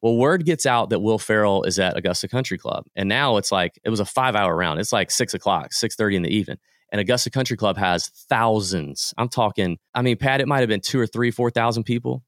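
A man, a guest on a podcast, telling lively anecdotes in a casual way and acting out the people he quotes. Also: fairly low pitch, fairly quick, no room sound, studio quality. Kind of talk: casual storytelling.

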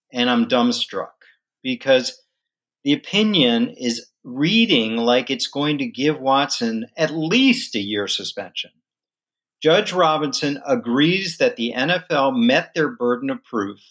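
A man guest with a legal background, giving an animated, emphatic explanation in a podcast interview. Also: mid-range voice. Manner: animated, emphatic storytelling with occasional laughs. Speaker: guest legal and sports business analyst.

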